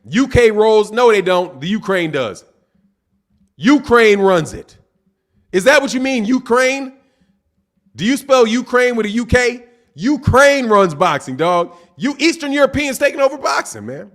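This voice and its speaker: Talking a little slowly, the boxing channel's high-voiced, lively host reads out comments from viewers during a live stream and shoots back teasing, combative replies. He tends to cap his lines with "man" or "dog."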